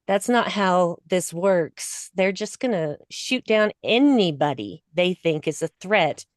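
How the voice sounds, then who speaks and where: A woman guest on a podcast, talking emotionally and laughing often, her voice climbing high when excited. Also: takes it slowly, no echo. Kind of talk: casual podcast discussion.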